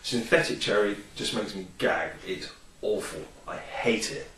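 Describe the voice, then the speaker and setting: A man's voice: fairly low pitch, measured pace, a bit bright, slight background noise. A man reviewing a product in a casual, rambling vlog, full of ums and enthusiasm. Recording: roomy, distant from the mic.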